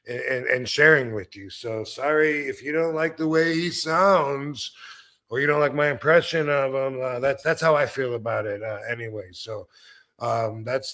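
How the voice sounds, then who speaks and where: A man's voice: mid-range voice, bright, forceful tone. A man hosting a live stream in casual chat, rambling and blunt, with crude jokes and many fillers.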